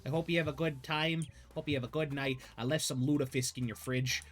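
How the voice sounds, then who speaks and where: A man's voice: mid-range voice, fairly even intonation, brisk, lightly acted. A man putting on the voice of a polite, cheerful Midwestern mom with a folksy Upper Midwest accent and a very pronounced S.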